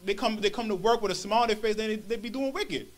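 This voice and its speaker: Brief: high-pitched man, church elder, loose street-style Bible commentary. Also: quick pace. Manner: street-style paraphrasing, acts out quoted voices.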